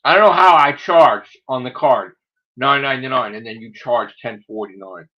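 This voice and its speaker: A man hosts a casual livestream chat, rambling through grumbling asides as his voice gives out. He has a medium-pitched voice at a moderate pace, and the recording sounds dull and lo-fi.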